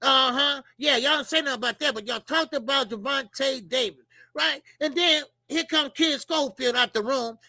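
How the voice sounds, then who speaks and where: A middle-aged man with a Chicago accent giving casual, profane, animated boxing commentary as a channel host. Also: extremely high pitch, normal speed, no room sound. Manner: animated, profane, laughing banter.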